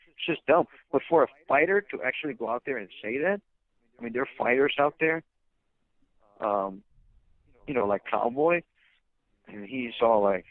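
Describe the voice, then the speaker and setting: A man's voice: mid-range voice, animated, brisk, no echo. A blunt man rants through a tinny phone line, his voice dry and close with no room around it. He talks as a fighter's manager, piling on fillers and restarts as he vents. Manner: blunt, ranting, many fillers. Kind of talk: phone interview.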